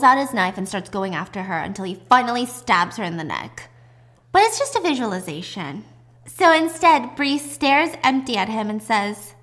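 A woman with a fairly high voice recaps a drama in a casual way. She breaks in with chatty, emphatic asides. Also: very animated, normal speed, fairly bright tone.

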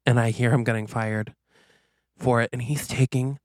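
A man co-hosting a podcast, pitching a movie plot as a comic story and acting out each character's lines. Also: moderate pace, no echo, clean studio sound. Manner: animated, acts out dialogue in quotes. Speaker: podcast co-host.

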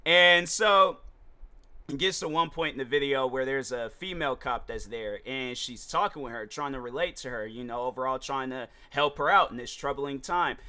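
A man's voice: mid-range voice, normal speed, pushed and bright, clean tone. A man hosting his own podcast, talking in a casual, rambling and slangy way with frequent restarts. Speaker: podcast host. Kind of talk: casual solo podcast monologue.

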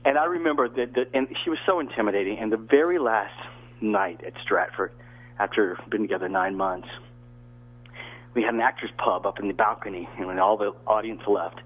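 Older man, from the American South, husky voice, rambling stories, phone-line sound. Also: lowish voice, brisk. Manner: rambling, lively anecdotes with many restarts. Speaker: actor, guest. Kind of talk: casual interview storytelling.

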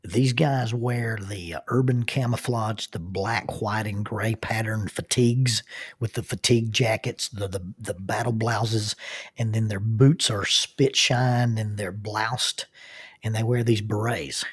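Husky Southern man telling stories. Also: lowish voice, steady tone, measured pace, no room sound, clean studio sound. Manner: folksy and self-deprecating, laughs while telling. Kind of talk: casual storytelling.

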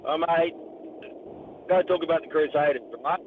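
A male caller with a slightly high voice rambles eagerly, often saying like. His voice is tinny through a phone line, with faint background noise. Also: fairly even intonation, normal speed. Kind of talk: casual phone chat.

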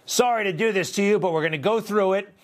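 A man's voice: sits high, fast. A man hosting a TV interview, talking in an impassioned, indignant way. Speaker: host.

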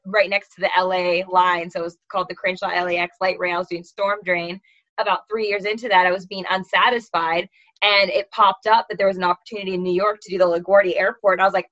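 A woman's voice: mid-range voice, fast, fairly bright tone. Woman author from California, a guest who rambles and hunts for words, a bit dull and lo-fi. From La Jolla, California. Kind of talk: casual interview chat.

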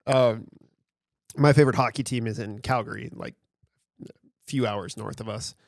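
A man's voice: mid-range voice, moderate pace, gravelly, dry recording, studio quality. A man co-hosting a podcast in casual chat, rambling, swearing freely and getting enthusiastic. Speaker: podcast co-host.

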